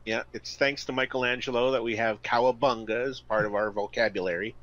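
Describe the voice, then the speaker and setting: A man's voice: medium pitch, fairly even intonation, fairly quick, a bit bright. A man on a podcast listing facts with dry, understated jokes. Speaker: podcast co-host. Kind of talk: casual chat. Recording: dull lo-fi audio.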